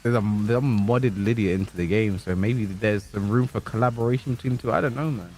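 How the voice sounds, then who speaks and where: A man's voice: fairly low pitch, quick pace, mellow. A man co-commentating a fighting game tournament stream, riffing in a rambling way with lots of fillers.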